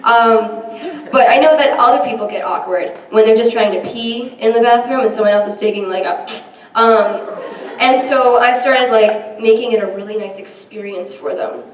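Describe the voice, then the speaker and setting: A woman's voice: fairly high pitch, normal speed, few pauses. A young woman performing a self-deprecating stand-up set, chatty and full of ums, in front of a live audience. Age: young adult. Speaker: stand-up comedian. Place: large hall with a live audience. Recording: echoey hall from far off. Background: audience laughter and room noise.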